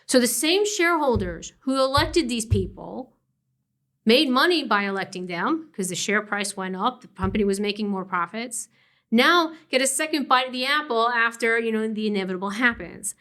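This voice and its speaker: A woman law professor speaking as a guest on a podcast interview, animated and quick to laugh, often trailing off and restarting her sentences. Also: a little high. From family from West Virginia. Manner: animated, laughs often, frequent fillers and self-corrections.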